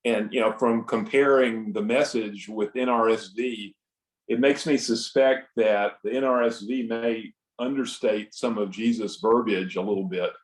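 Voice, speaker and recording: A man taking part in a church Bible class, sharing a thoughtful comment with pauses. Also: lowish voice, fairly even intonation. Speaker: class participant.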